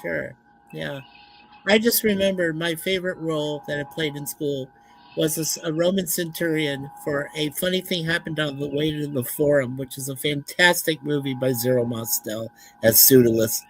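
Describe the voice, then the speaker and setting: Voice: medium pitch, moderate pace, a little hiss or hum, rough recording. A podcast co-host chatting casually, supportive and agreeable, laughing easily. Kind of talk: casual conversational chat.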